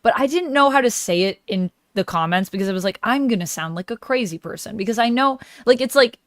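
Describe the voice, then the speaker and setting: A woman's voice: a little high, animated, fast, dry recording, studio quality. A woman hosting a livestream in casual, chatty talk, laughing easily as she goes. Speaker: livestream host. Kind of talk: casual chat.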